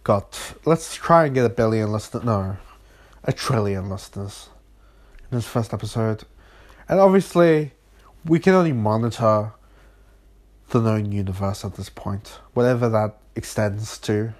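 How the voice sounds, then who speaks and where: A man's voice: on the low side, unhurried, a little mellow. A man hosting a solo podcast at night, tired and sick with a runny nose, rambling and joking at his own expense while smoking at home. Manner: playful, rambling, self-mocking, repeats sung "ooh yeah". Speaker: podcast host. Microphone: phone recording.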